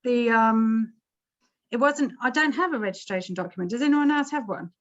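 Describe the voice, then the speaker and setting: A woman's voice: on the high side, normal speed. Chatty Australian woman on a dull call line. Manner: chatty, hesitant with fillers. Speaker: club member. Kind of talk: casual chat. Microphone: video call.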